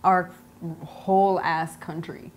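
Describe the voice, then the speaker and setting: A woman's voice: lowish voice, flat delivery, slow pace. A young woman from Pakistan with an American accent, a talk show guest who speaks bluntly, laughs easily and swears casually. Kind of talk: casual interview chat.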